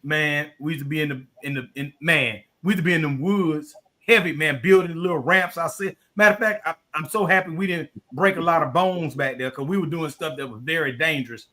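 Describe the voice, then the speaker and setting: Bright, animated host. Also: male voice, fairly high pitch, a little fast. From Southwest Atlanta. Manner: animated, slangy, calls the guest "man". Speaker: podcast host. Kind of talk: casual interview chat.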